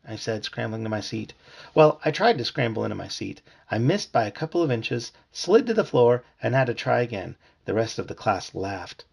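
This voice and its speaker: A man reads a children's storybook aloud to his family with expressive telling. His voice is gravelly and husky, and his pitch moves in lively swings. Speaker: parent reading aloud. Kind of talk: reading a children's book aloud.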